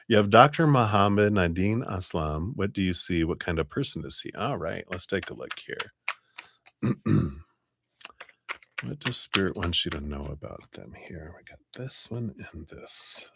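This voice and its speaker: A man hosting a live tarot reading, chatty and quick to laugh, stretching words for emphasis. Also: sits low, expressive, creaky, background noise. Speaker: tarot reader.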